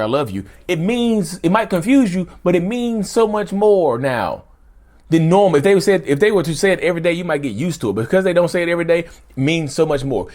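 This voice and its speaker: A man's voice: on the high side, darkish tone. Chatty man talking straight to camera. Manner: chatty, repetitive, says "y'all" often, emphatic. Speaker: YouTube host. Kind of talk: casual direct-to-camera talk.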